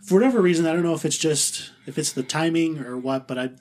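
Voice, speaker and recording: Male co-host, fairly high voice, easygoing chat. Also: fast, a little mellow. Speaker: podcast co-host. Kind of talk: casual gaming podcast chat.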